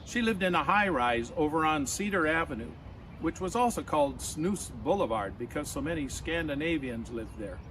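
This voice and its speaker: A man with a slightly high voice tells a friendly story outdoors in a backyard. Faint traffic and street sounds hum in the background of the recording. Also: a bit bright. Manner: friendly, leads a clap-along. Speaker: storyteller and folk musician. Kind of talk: storytelling to children.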